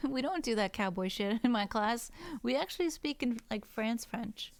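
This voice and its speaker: A woman's voice: on the high side, animated, normal speed, no echo. An American woman, a French teacher, chatting casually to her stream viewers while drawing, swearing freely, filling her talk with "like" and laughing often. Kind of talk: casual livestream chat to viewers. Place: indoors at a computer.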